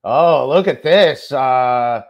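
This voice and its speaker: A man's voice: medium pitch, very slow, dull audio. A man hosting a casual podcast chat, rambling and stammering as he talks. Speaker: podcast host.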